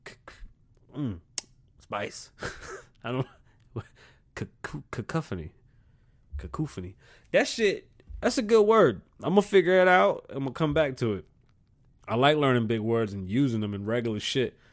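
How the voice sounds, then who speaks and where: Male host, mid-pitched, for a loose comedic solo show. Cusses freely and rambles, with loud bursts and quiet mutters. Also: very animated, normal speed, long pauses. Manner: profane, rambling, swings between loud outbursts and muttering. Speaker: podcast host. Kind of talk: casual comedic monologue.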